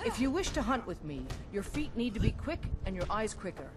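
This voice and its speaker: A stern game huntress. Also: female voice, a little high, very animated, fairly quick, soft background music. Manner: cool and demanding.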